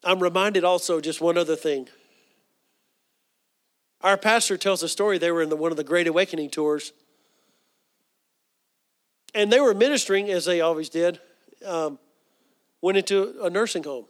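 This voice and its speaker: A man's voice: high-pitched, normal speed, long pauses, fairly bright tone. A man preaching a sermon, telling stories earnestly with frequent fillers.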